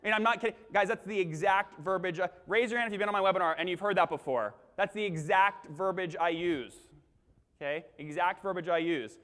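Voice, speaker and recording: A young man with a high, bright voice delivers a punchy keynote, pulling the audience in with quick questions. His voice rings through a big hall with a long reverb tail. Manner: punchy, crowd-engaging, acts out webinar lines. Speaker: keynote speaker. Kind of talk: energetic conference keynote. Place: large conference hall.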